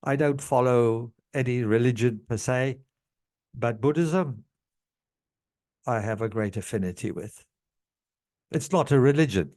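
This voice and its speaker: A man telling a personal story to camera in a halting way, with many pauses and restarts, moved as he speaks. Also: mid-range voice, darkish tone. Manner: slow, halting, with many fillers and restarts, growing emotional. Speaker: channel host telling a past-life story.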